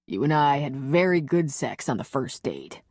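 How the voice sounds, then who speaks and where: A woman doing a tender, reassuring man who speaks low and soft. His voice is slightly husky and close, with a dry sound. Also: big pitch swings, moderate pace, dry recording.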